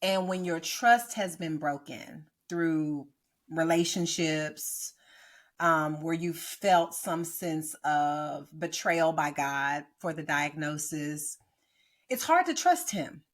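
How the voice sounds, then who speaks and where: Low-voiced woman pastor exhorting listeners. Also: takes it slowly. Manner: preachy, exhorting, frequent "right?". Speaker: podcast host and pastor. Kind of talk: encouraging ministry podcast talk. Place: boardroom.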